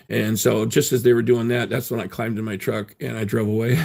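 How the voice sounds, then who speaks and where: A man tells a long story on his livestream, rambling and restarting his sentences often. His voice is gravelly and husky, and his pitch sits in an ordinary middle range for a man. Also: little pitch movement, fairly quick, hardly any pauses, a little mellow. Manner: rambling, many fillers and restarts.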